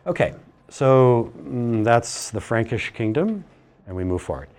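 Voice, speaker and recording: A middle-aged man giving a classroom lecture, animated and teasing, asking the class questions as he goes. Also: mid-range voice, unhurried.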